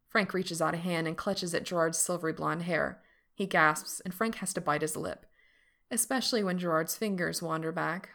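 A woman reading fiction aloud in a steady, unhurried narration. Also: fairly low pitch, vocal fry. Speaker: reader.

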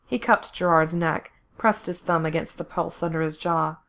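Woman reading fiction aloud, lowish voice. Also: steady tone, normal speed, a bit bright. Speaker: narrator.

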